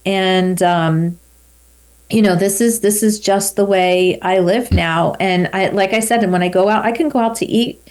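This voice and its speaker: A woman's voice: mid-range voice, fairly even intonation, normal speed, a little mellow. A woman in her fifties, a podcast guest, talking candidly and reflectively in a casual interview. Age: 50s. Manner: candid and reflective, with light laughs.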